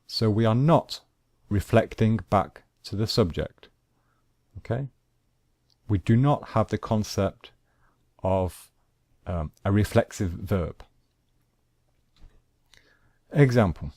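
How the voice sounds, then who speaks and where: A man teaching an English grammar lesson, speaking slowly and deliberately and repeating his examples. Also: lowish voice, darkish tone, no echo, clean studio sound.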